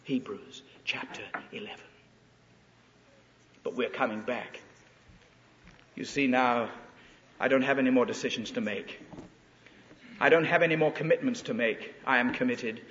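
A man's voice: medium pitch, a little slow, long pauses, fairly bright tone, a little hiss or hum. A man preaching a sermon, retelling scripture dramatically and emphatically in an echoing hall. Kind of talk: expository sermon. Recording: echoey hall, dull lo-fi sound.

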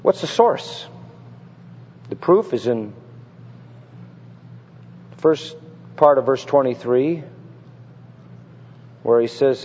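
A man's voice: medium pitch, animated, takes it slowly, long pauses, a little mellow, slightly rough. A man preaching a sermon, firing rhetorical questions and reading scripture with mounting fervor. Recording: reverberant, dull lo-fi sermon recording.

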